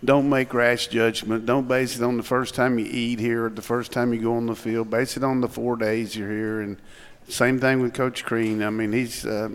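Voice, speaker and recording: A man's voice: medium pitch, little pitch movement, moderate pace, clean tone, big-room sound. A man, a former coach, talking sports in a folksy, teasing way on a talk show.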